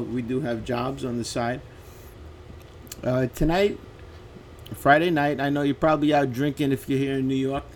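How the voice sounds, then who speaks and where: A man's voice: medium pitch, a little mellow. Guy hosting a net radio show, chatty, keeps repeating himself, faint hiss behind. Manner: chatty, enthusiastic, repeats words. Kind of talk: casual internet radio interview.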